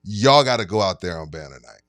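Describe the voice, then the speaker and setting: A man's voice: lowish voice, lively intonation, a little fast, a bit bright, dry recording, studio quality. A man co-hosting a sports podcast, ranting in an emphatic, heated way. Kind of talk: casual sports chat.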